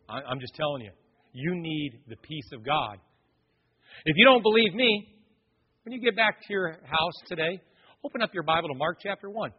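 A male pastor preaching a sermon, swinging from loud, lively passages to hushed, quiet ones. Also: mid-range voice, husky, lo-fi sound.

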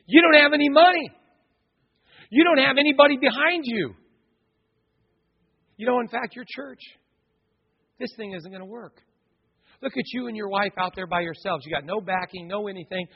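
The devil hisses in a cold, mocking hush, as a man puts him on in a sermon. The voice is husky and soft, trailing into a long church reverb over dull, muffled sound. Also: sits high, voice pushed up, full character voice. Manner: mocking, belittling, hushed. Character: the devil as a cold taunting whisper.

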